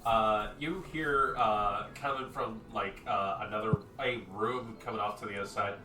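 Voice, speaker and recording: A man running a tabletop game as game master, describing the scene in a rambling way with plenty of "uh"s and "like"s. His voice is bright, and it is picked up from some distance in an echoey room with faint background noise. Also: fairly low pitch, fairly even intonation, normal speed, soft background music. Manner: rambling, many fillers.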